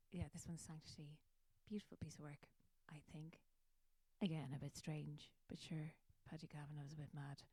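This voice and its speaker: Rambling, warm-voiced Irish woman host. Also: low-pitched, no room sound. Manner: rambling, chatty, self-mocking. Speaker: musician hosting her own show. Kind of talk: casual chat.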